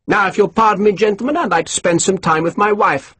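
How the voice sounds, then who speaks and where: A man's voice: sits high, quick pace, a bit bright, slightly rough, dry recording, voice pushed up. A man voicing a pompous, condescending army colonel who turns irritable, read for an audiobook. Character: pompous, snappish middle-aged male army colonel.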